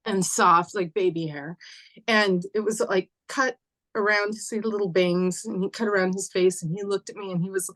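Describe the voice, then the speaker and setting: A woman telling a personal story, halting and acting out a child's voice softly. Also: mid-range voice, fairly even intonation. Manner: halting, acts out dialogue softly. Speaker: guest. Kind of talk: emotional storytelling.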